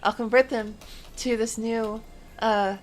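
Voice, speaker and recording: A woman's voice: fairly high pitch, fairly even intonation, takes it slowly. A woman streaming a game and chatting casually, rambling in a playful, self-mocking way. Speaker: VTuber streamer.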